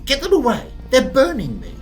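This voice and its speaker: A man's voice: extremely high pitch, huge pitch swings, moderate pace, faint music behind, pitched above the performer's own voice, heavily acted. A man voicing a frightened young man who cries out and shrieks in pain. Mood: anguished. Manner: shrieking, crying out.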